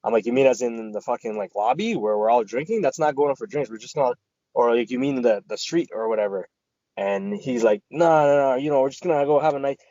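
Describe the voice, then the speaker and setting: A man's voice: mid-range voice, animated, quick pace, mellow, no room sound, dull audio. A man co-hosting a podcast, telling a rambling, profane story in casual chat and quoting his friends. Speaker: podcast co-host.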